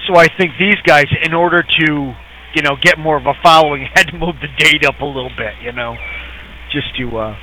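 A man's voice: a little high, fairly quick, sharp tone, slight background noise, poor audio. A middle-aged man co-hosting a casual chat, rambling and sarcastic, chuckling as he tells stories. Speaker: podcast co-host.

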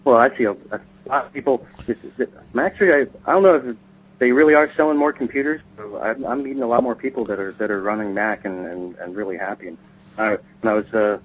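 A man's voice: mid-range voice, quick pace, slightly rough. A man co-hosting a podcast, chatting casually and telling long rambling stories. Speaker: podcast co-host. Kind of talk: casual chat. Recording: dull lo-fi sound with faint hum.

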